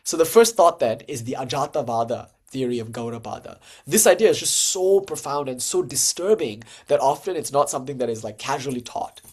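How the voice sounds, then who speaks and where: A man delivering a relaxed, informal spiritual lecture at a mid-range pitch. His talk is loose and conversational, with frequent fillers. He keeps it animated, with sudden lively bursts of emphasis. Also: fairly quick, few pauses, slightly rough. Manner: animated, jumps to lively acted-out dialogue. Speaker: lecturer on Hindu tantra and philosophy.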